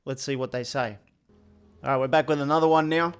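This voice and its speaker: A man's voice: mid-range voice, steady tone, brisk, clean tone. A man giving casual, joking commentary over a football video game. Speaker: gaming youtuber. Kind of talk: gameplay commentary.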